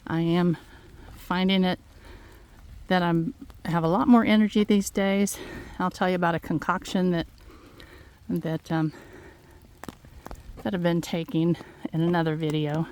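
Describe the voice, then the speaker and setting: Lady kinda out of breath, slow and gentle, lowish voice, talking into her phone outside. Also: steady tone, a little hiss or hum. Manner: gentle, halting, encouraging. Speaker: farm vlogger. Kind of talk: casual heartfelt talk to viewers. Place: outdoors in fog. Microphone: handheld phone.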